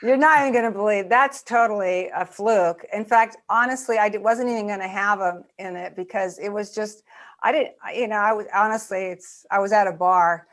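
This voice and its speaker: A woman documentary filmmaker telling an animated story in a video-call interview. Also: brisk. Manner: lively storyteller, voices raise high when acting out quotes.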